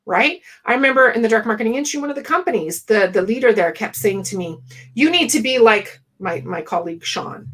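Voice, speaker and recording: A woman's voice: a little high, expressive, quick pace, a bit bright, low-quality recording. A woman business coach talking bluntly and with lots of energy in a podcast conversation, laughing often. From West Indian family.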